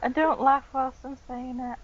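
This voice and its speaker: A woman's voice: high-pitched, steady tone, normal speed, muffled recording. A woman playing a tabletop game, speaking in a haughty, imperious manner. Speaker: player. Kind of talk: in-character tabletop role-play.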